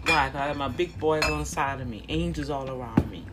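A woman's voice: rumbling low, fairly quick, hardly any pauses, fairly bright tone, soft background music. A middle-aged woman preaching informally and with fervor, repeating herself and calling out to her listeners. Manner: fervent, repetitive, with calls to the listeners.

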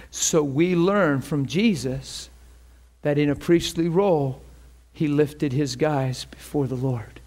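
Pastor, male, higher register, fervent preacher who jokes between points. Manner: fervent preaching with prayer, playful asides and laughter. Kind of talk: sermon.

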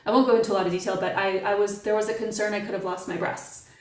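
Animated woman, echoey distant sound. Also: medium pitch, fast talker. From Canada. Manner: animated, playful storyteller. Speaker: podcast guest. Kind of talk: casual podcast conversation.

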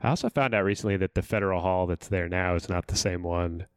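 Deep-voiced joking man, dry sound. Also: clear, resonant tone, no echo. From California. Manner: joking, quick reactions, laughs. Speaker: podcast co-host, comedian. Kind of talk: casual chat.

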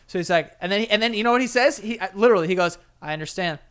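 High-voiced man telling a story. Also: very fast, noisy background. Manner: animated storyteller, acts out voices and laughs. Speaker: podcast co-host. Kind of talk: casual chat.

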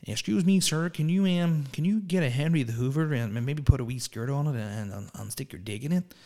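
A man's voice: a little fast, warm tone, long reverb tail, natural voice. A man putting on a bad American accent to play an over-eager American man writing in with odd requests. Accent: put-on American, done badly. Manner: high-pitched and over-eager.

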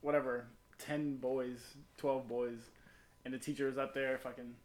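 A man's voice: medium pitch, level tone, normal speed. Male podcaster, rambling crude storyteller, casual and profane.

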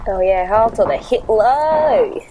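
A woman's voice: medium pitch, expressive, slow, mellow, low-quality recording. A woman plays a brash Australian army captain who treats everyone like an old mate. His talk is breezy and slangy, and he is in no hurry, with a faint hiss of noise behind him. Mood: cheeky.

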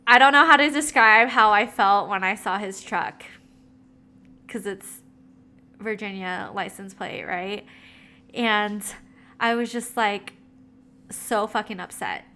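A woman's voice: medium pitch, sharp tone, smooth. A young woman in her twenties tells a story in casual chat, gossipy and full of fillers and swearing.

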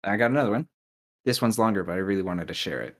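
A man's voice: fairly low pitch, fast. A man co-hosting a podcast, casually reading out texts and posts with mocking voices. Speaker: podcast co-host.

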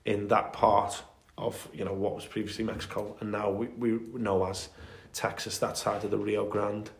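A man's voice: lowish voice, flat delivery, normal speed, vocal fry, roomy sound. A man co-hosting a podcast, telling military history stories in a casual, enthusiastic way with many fillers. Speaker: podcast co-host.

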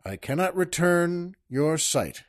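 A man's voice: sits high, very animated, takes it slowly, heavily acted. A man voicing a sly, unruffled shopkeeper who heals people, polite and smiling. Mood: sly, calm.

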